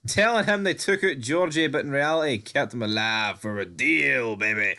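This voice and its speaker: A man co-hosts a casual podcast about a TV show. His talk is easygoing and blunt, with the odd swear word dropped in. His pitch is ordinary, sitting in the middle range. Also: moderate pace, pushed and bright. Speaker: podcast co-host. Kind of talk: casual TV recap chat.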